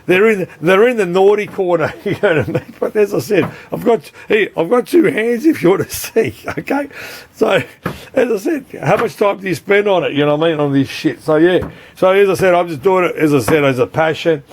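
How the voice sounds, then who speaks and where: A man's voice: high-pitched, expressive, brisk. An Australian man who repairs arcade boards, chatting casually and rambling, swearing freely and calling the viewer mate. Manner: rambling, swears often, keeps saying "mate". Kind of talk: casual unscripted video chat.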